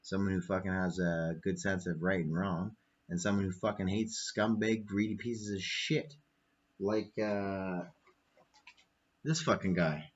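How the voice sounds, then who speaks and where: Low, husky man ranting profanely. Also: dull audio. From Canada. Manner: profane, angry, rambling. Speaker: podcast host. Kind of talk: late-night ranting monologue. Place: small apartment.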